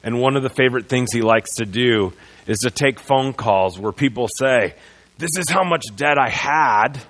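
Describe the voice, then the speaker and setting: A man preaching a sermon as pastor in a church, moving between loud proclamation and quiet earnest passages. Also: mid-range voice, normal speed. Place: church sanctuary.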